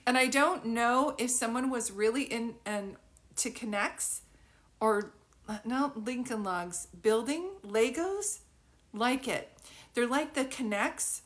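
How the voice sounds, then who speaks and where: In a slow, fairly bright, fairly high voice, a woman works as a psychic medium on a live phone reading. The talk is casual and meandering, full of thinking aloud and frequent giggles.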